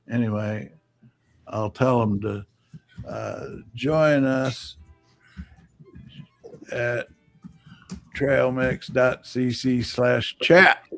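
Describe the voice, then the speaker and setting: A man hosting a casual live-stream chat, talking in a halting, rambling way with many fillers. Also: mid-range voice, a little mellow, no room sound. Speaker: host.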